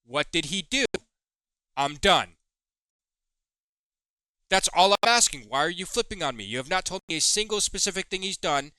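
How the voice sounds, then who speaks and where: A man's voice: high-pitched, animated, moderate pace, pauses often, pushed and bright, clean tone, no room sound. A man hosting a heated commentary video, reading chat logs aloud and swearing as he accuses someone. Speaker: commentary host.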